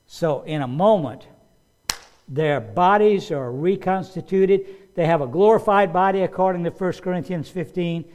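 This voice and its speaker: A man preaching a sermon in an animated way, restarting phrases and raising his voice for quoted commands. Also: on the high side. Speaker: pastor.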